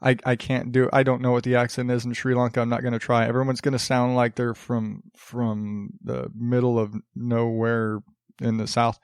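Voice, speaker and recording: A man's voice: medium pitch, little pitch movement, normal speed, clean tone, dry recording, studio quality. A man hosting his own podcast, rambling and sarcastic, restarting sentences and chuckling as he mocks the news. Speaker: podcast host. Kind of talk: casual solo podcast monologue. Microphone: studio podcast mic.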